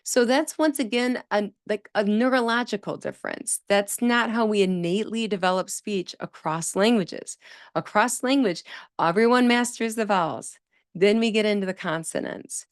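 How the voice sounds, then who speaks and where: A woman's voice: medium pitch, normal speed, no echo, studio quality. A woman hosting a speech therapy podcast, explaining in a conversational, emphatic way. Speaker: speech-language pathologist podcast host. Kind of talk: solo educational podcast talk.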